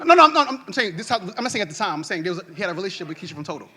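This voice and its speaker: A middle-aged man with a fairly high voice hosts a podcast before a live crowd. He tells stories with energy, stumbling over his starts and often checking in with "right?". He laughs easily as he talks. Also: big pitch swings, racing, pushed and bright. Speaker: podcast host. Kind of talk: animated storytelling to a live audience.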